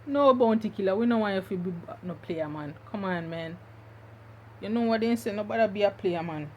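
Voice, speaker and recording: A woman's voice: mid-range voice, brisk, lo-fi sound. Young Jamaican woman, reaction host, patois-laced chatter, some background noise. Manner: chatty, mixes in patois, repeats herself. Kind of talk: casual reaction commentary.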